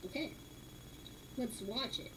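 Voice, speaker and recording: A woman hosting a casual reaction video, mocking what she watches, repeating herself and filling pauses with lots of ums. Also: fairly high pitch. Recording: loud background noise.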